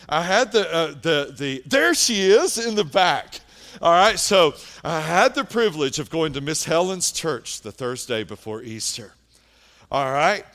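A man preaching a sermon as pastor, animated and emphatic, dropping soft and then rising loud. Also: fairly high pitch.

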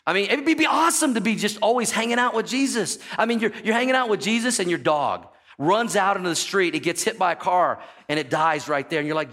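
A pastor preaching a sermon in a church, animated and joking, and calling out to the congregation for answers. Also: male voice, high-pitched, fairly quick, few pauses. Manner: jokey storytelling asides. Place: church sanctuary.

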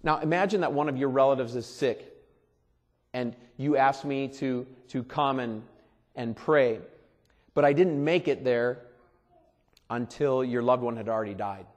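A pastor preaching a sermon in a conversational way, repeating phrases and swelling loud for emphasis. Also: male voice, medium pitch, unhurried, long pauses. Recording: long reverb of a large hall.

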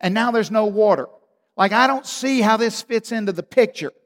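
A preacher acting out a frantic, pleading desert leader. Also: male voice, high voice, moderate pace, long reverb tail, voice pushed up, natural voice.

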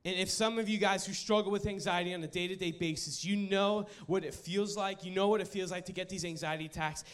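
A young, high-pitched youth pastor preaches to a live audience. He opens with a funny personal story, then moves into his sermon in an animated, joking way.

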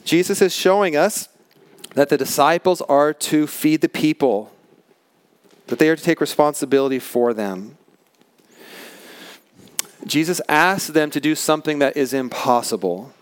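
A man preaching a sermon as pastor, earnest and emphatic, slowing down to stress key words. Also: on the high side, clear, resonant tone, dry recording. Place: large tent.

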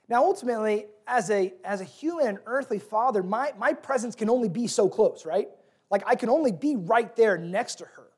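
A man's voice: high voice, lively intonation, brisk, a little mellow, breathy edge. Earnest male pastor preaching. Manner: earnest storytelling with varied emphasis. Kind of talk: sermon.

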